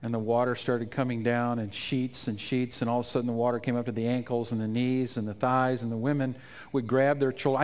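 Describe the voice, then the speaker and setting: A man telling an emotional personal testimony in a sermon at a conference, his voice climbing high and loud at the peaks. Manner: emotional storytelling, rising to near-shouts at climaxes. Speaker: conference speaker. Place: conference stage.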